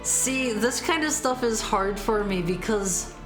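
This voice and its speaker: A woman's voice: mid-range voice, expressive, measured pace, music in the background. A woman chatting casually while streaming a retro game, stammering and repeating words, reading text aloud. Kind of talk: casual gaming stream chat.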